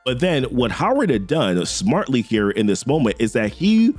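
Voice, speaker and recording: A man's voice: medium pitch, moderate pace, husky, dry recording, faint music behind. A man casually recapping a comic book story in a slangy, conversational way. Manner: slangy, conversational, lively delivery.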